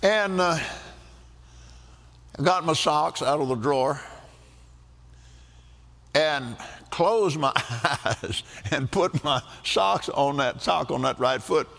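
An older man preaching a sermon, telling a folksy story with frequent laughter in an animated way. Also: a little high, slow pace, gravelly, long pauses. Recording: echoey hall.

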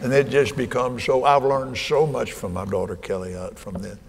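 An older man preaching a sermon in a folksy way, dropping to soft murmurs and rising to shouts. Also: medium pitch, fairly even intonation, moderate pace, vocal fry, a little hiss or hum. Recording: hall reverb, faint ambience.

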